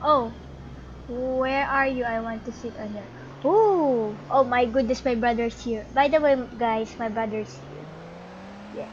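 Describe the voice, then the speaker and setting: A woman's voice: a little high, a little slow. A young woman casually commenting on her own gameplay, chatty and exclamatory, calling out to other players. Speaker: gaming channel host. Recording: muffled lo-fi audio with noise.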